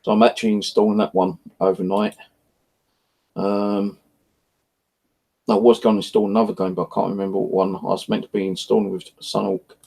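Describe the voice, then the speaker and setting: Frustrated man, gravelly and dark-toned, casual home vlog rant with lots of swearing. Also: lowish voice, flat delivery, brisk, pauses often, low-quality recording. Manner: rambling, frustrated, swears often. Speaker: vlogger. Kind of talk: casual evening chat to camera. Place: at home, indoors.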